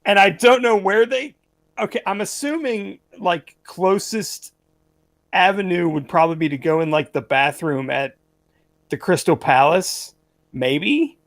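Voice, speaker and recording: A man's voice: high voice, unhurried, dry recording. A man co-hosting a casual podcast chat, telling a story in a rambling way, full of "like"s. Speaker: podcast co-host.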